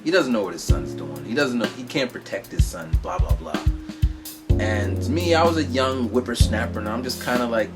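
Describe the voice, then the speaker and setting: A young man casually telling a personal story, animated, acting out other people's voices. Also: medium pitch, moderate pace, loud music behind the voice. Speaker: vlogger telling his story.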